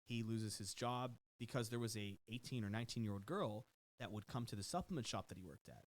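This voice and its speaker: A man's voice: fairly low pitch, fairly quick. A man on a podcast telling a long story in a casual, profane way, often mimicking the people in it. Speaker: guest, personal trainer. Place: podcast studio.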